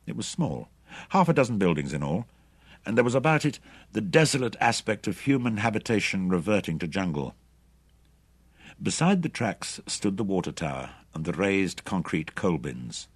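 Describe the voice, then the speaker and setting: A man narrating an adventure audiobook in a measured, steady reading. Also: deep voice, husky, dry recording. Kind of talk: scripted narration.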